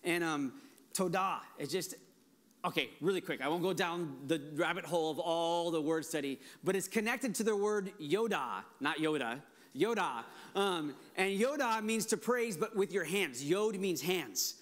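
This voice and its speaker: A man's voice: high-pitched, expressive, normal speed, a bit bright. A man in his forties, a pastor preaching a conversational, enthusiastic sermon with frequent restarts.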